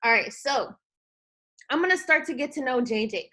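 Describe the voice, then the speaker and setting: A high-pitched woman leads a live online coaching session for her sales team. Her voice is bright and energetic. She keeps checking in with "okay?" and plays out both sides of a phone call. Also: moderate pace.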